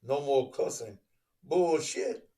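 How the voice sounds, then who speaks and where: A middle-aged man, preaching in a monologue that swings from slow quiet reflection to shouted profane outbursts. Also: medium pitch, lively intonation, far from the mic. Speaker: preacher and online show host.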